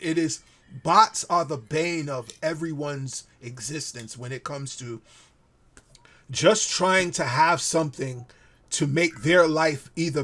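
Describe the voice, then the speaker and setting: Higher-voiced stammering co-host man. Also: fairly bright tone. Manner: hyped, stammering, swears and says "son" a lot. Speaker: podcast co-host. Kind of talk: casual chat.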